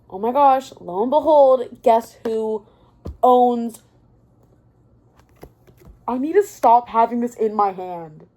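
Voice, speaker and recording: A young woman ranting casually about a book she loves, excitable and rambling, often stopping mid-thought to correct herself. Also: mid-range voice. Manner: rambling and excitable, often losing her thread. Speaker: book vlogger.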